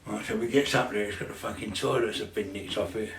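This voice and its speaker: A man's voice: on the low side, steady tone, fast talker, slight background noise. A middle-aged man telling stories in casual chat, swearing constantly and laughing through them. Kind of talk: casual storytelling. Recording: echoey room, mic at a distance.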